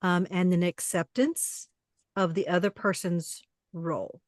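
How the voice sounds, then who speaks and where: A woman's voice: on the low side, fairly even intonation, a little slow, no room sound, clean studio sound. A woman co-hosting a casual discussion, thoughtful and analytical. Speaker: co-host. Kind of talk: casual chat.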